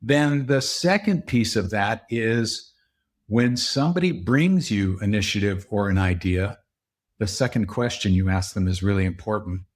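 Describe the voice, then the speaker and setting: A man's voice: expressive, measured pace. Man explaining leadership in an interview. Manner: explanatory, acts out quoted dialogue with raised pitch. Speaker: podcast guest, leadership consultant. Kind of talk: conversational interview.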